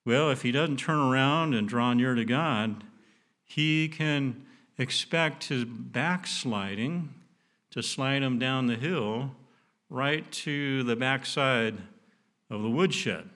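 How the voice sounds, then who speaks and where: A man's voice: mid-range voice, takes it slowly, fairly bright tone. A middle-aged man preaching a sermon in an earnest, folksy way, often restarting his phrases. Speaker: pastor.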